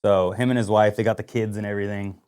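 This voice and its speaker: Casual male podcast co-host, lively storyteller who acts out what people said. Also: on the low side, fast, clean tone. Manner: animated storyteller, lots of "like" and quoted dialogue. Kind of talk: casual hunting story chat.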